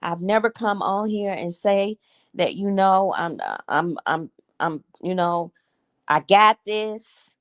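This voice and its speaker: A woman's voice: medium pitch, slow. A woman, hosting a candid livestream chat and confiding in her viewers with emotion. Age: 50s. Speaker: livestream host. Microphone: streaming setup.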